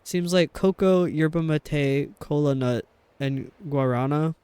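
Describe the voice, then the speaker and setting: A man's voice: on the high side, measured pace, warm tone, clean tone, no echo. A man from New York with a New York accent, chatting and rambling casually while streaming a game. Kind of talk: casual chat while gaming.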